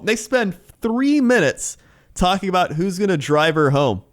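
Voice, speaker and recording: A man's voice: on the high side, animated, normal speed. A man co-hosting a podcast, telling a story in casual chat, mimicking voices and laughing often. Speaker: podcast co-host.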